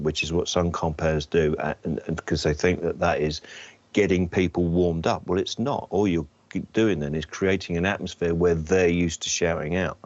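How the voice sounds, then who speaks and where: A man with a very deep voice, telling his stories in an interview with a wry, self-deprecating manner and plenty of restarts. The sound is dry and a little dull. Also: no echo. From England. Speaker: comedian guest. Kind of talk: anecdotal interview storytelling.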